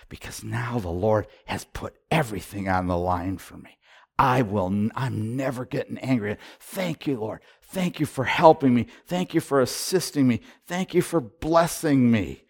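A middle-aged man preaching a sermon as a pastor, retelling his prayers and moving between hushed and loud delivery, often repeating and restarting his words. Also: mid-range voice, moderate pace, vocal fry. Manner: repetitive restarts and stammers when excited. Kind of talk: sermon storytelling.

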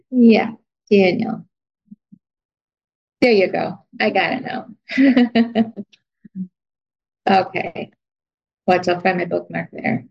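A woman's voice: medium pitch, extremely slow, vocal fry, pauses often, a little mellow, slightly rough. A woman teaching an informal Bible lesson, chatty and self-deprecating, leafing through her notes as she talks. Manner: chatty, laughs at herself, searches notes aloud. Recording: dull lo-fi recording.

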